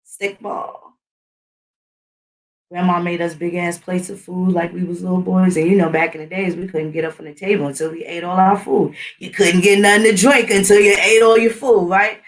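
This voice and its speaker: A woman's voice: fairly low pitch, level tone, brisk, hardly any pauses, recorded from a distance. A middle-aged woman hosting her own channel, talking in a blunt, combative, profane casual rant. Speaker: channel host. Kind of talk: casual ranting monologue.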